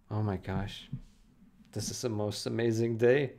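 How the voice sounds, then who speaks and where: Gravelly man stammering with joy. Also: lowish voice, fairly even intonation, a little mellow. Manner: halting, repeats himself, overwhelmed with joy. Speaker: game modding developer. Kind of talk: casual emotional vlog recording.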